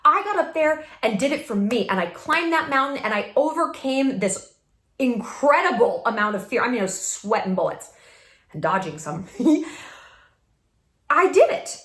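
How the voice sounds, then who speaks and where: A woman's voice: sits high, big pitch swings, measured pace, fairly bright tone. A woman hosting a vlog, giving a casual motivational talk to camera, emphatic and laughing often. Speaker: vlog host. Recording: echoey room.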